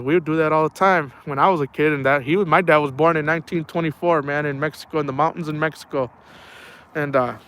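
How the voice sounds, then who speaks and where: Live streaming while night fishing outdoors by the water, this man rambles casually through his stories, addressing listeners as "man" and "bro" often. His voice is fairly high-pitched, bright and forceful, fitting an outdoors streamer.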